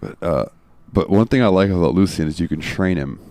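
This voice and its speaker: Deep-voiced male host, relaxed rambling chat, dry close sound. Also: a little fast, no echo. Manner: relaxed, rambling with fillers and swearing. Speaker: podcast host. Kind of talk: casual chat.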